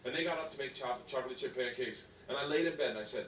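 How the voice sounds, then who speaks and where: A man doing stand-up storytelling, loud and rambling, often laughing at his own story. It is a stand-up clip replayed in an echoey room. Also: medium pitch, very fast, far from the mic, a little hiss or hum. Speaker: stand-up comedian.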